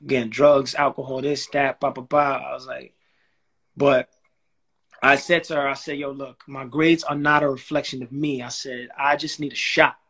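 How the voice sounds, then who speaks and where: A young man, a guest telling a personal story in a casual, animated way, acting out quoted dialogue with slang and restarts. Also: medium pitch, normal speed, slightly rough. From New York.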